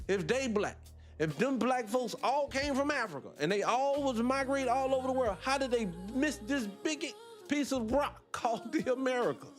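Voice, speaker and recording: A man's voice: extremely high pitch, lively intonation, normal speed. A man hosting a livestreamed morning talk show, arguing with passion, firing rhetorical questions at his listeners and laughing between points.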